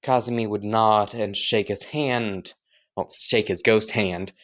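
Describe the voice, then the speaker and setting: A man's voice: lowish voice, fairly even intonation, slow pace, a bit bright. A man casually improvising and narrating a fan story, rambling, joking and correcting himself.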